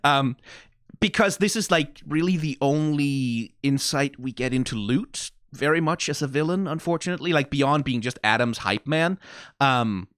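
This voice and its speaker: A man giving casual, profane commentary as a video reviewer, animated and prone to mocking impressions. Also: medium pitch, moderate pace, clear, resonant tone, dry recording, clean studio sound.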